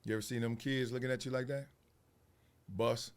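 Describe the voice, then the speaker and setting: A man hosting a show, originally from Los Angeles, narrates a story in easygoing street slang. His voice is smooth, medium-pitched, and a little fast, and he acts out the scenes animatedly with laughs.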